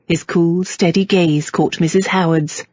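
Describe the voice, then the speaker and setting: Woman audiobook narrator, low-pitched, husky, measured read, dull dry recording. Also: fairly even intonation, darkish tone. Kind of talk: scripted narration.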